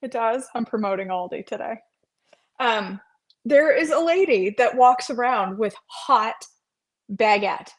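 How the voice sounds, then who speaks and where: On a cooking livestream, a middle-aged North Carolina woman talks casually, calling out to viewers by name with sing-song, playful asides. She speaks a little slowly, her voice on the higher side with lively intonation.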